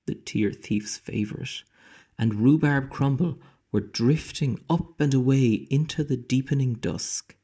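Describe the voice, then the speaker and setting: Man reading a kids story real slow, gravelly dark voice, keeps whispering bits. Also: medium pitch. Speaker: teacher reading aloud. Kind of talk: storybook read-aloud.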